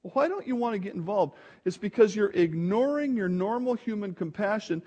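Male pastor, middle-aged, fairly high voice, earnest emphatic sermon delivery. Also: animated, a little fast, warm tone. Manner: earnest, emphatic preaching with restarts.

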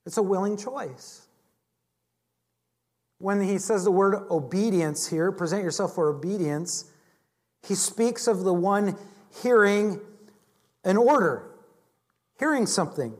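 A man's voice: high voice, lively intonation, measured pace, pauses often. A man teaching a Bible lesson in a chatty, joking sermon style, often restarting his sentences. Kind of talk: conversational sermon.

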